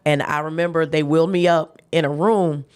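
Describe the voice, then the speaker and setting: A woman with a slightly low voice tells a personal story in a relaxed interview. She is emphatic and laughs often, and she acts out what everyone said to her. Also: brisk, smooth. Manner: faith-filled, emphatic retelling. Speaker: guest chef.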